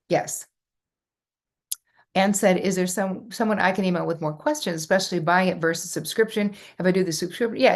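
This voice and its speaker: A middle-aged woman hosting a live workshop, reading out viewer comments and answering them with effusive enthusiasm. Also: on the low side. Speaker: host.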